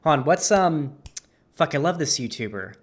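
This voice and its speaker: A man's voice: a little high, animated, moderate pace, breathy edge. Young guy ranting on his channel, swears a lot, says like constantly, kinda rambly. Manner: rambling, lots of "like", swears freely. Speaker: host. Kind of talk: profane reaction commentary.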